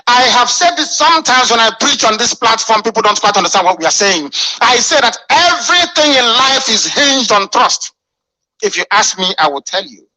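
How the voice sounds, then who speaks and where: A man's voice: very high-pitched, bright, forceful tone, dry recording, low-quality recording. A man delivering a fiery, scornful radio address full of rhetorical questions. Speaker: radio broadcaster.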